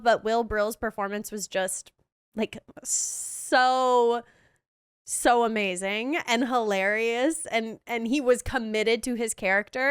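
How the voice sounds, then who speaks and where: A woman's voice: on the high side, clear, resonant tone, no echo, studio quality. A woman podcast host giving a casual recap, talking in a gushing, emotional way.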